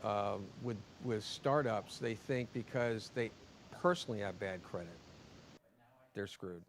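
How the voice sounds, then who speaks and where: A man's voice: on the low side, unhurried, slight background noise. A man co-hosting a business livestream in casual chat, loose and rambling, often restarting his sentences. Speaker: co-host.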